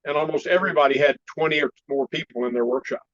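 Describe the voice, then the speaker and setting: Man, storytelling interview guest, lively and laughing, fairly high voice, dry muffled recording. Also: quick pace, no echo. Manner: animated storyteller, laughs often, clears throat. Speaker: martial arts teacher, interview guest.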